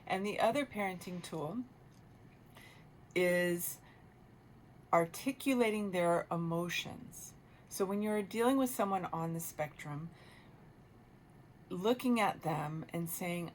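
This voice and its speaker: A woman hosting a talk radio show, giving earnest, reflective parenting advice with pauses and restarts, in a radio studio. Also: fairly low pitch, a little hiss or hum.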